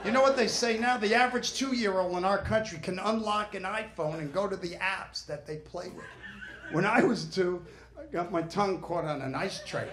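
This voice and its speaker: Brash high-voiced comedian in a roomy club. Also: male voice, moderate pace. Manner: brash, punchy delivery with crude jokes and character voices. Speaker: stand-up comedian. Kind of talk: stand-up comedy set. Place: comedy club stage before a laughing audience. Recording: roomy live club recording with audience noise.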